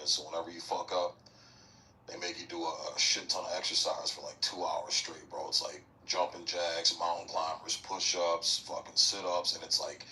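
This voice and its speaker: A very deep-voiced man tells rambling, profanity-laced stories in casual podcast talk. His voice has a bright, forward edge despite the low pitch. He sits somewhat back from the mic, with faint noise behind him. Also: recorded from a distance, rough recording. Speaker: military veteran guest.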